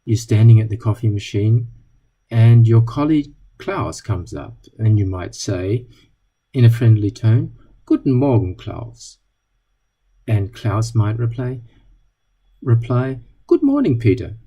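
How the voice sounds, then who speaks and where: A man's voice: fairly low pitch, a little slow, slightly rough, muffled recording. A man giving a talk to an audience, telling wry anecdotes and acting out little dialogues. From not British.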